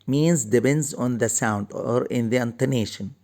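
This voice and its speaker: A man teaching English grammar, explaining each point slowly and repeating key phrases. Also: mid-range voice, darkish tone. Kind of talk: recorded grammar lesson.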